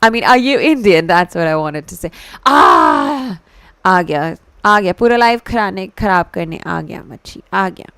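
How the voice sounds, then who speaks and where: A woman VTuber chats casually with her live audience, giggling and teasing viewers as she reads their messages. Her voice is smooth and clean, switching freely between English and Hindi, recorded close and dry on a streaming mic. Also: lowish voice, lively intonation, very fast, a bit bright, dry recording. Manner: reads and answers chat messages playfully.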